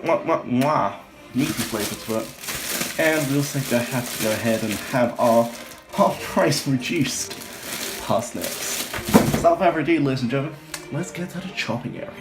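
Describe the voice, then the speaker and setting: Loud, excitable man hosting a cooking show. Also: medium pitch. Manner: loud and excitable, playful showman. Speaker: host of a cooking video. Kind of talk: comic cooking demonstration. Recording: roomy echo, distant mic, music behind.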